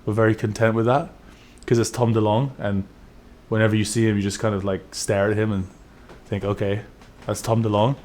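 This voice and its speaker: Easygoing male bassist. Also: flat delivery, a little fast, darkish tone. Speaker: band bassist. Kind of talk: casual interview answers.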